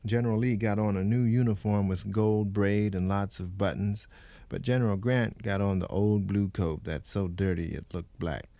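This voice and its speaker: Male reader, lowish warm voice, measured dialect telling, dry booth sound. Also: steady tone, no room sound. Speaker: reader of a former slave's account. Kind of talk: dramatic first-person reading.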